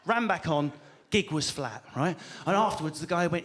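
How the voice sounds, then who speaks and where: A British man performing a stand-up comedy set, animated and swearing as he acts out characters. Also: on the high side, a little fast, few pauses. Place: live comedy venue with audience.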